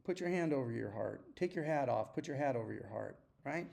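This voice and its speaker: A man hosting a solo podcast, talking earnestly and urging his listeners, often clearing his throat and restarting sentences. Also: medium pitch, expressive, fairly quick, darkish tone. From United States. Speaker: podcast host. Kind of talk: opinionated solo podcast monologue.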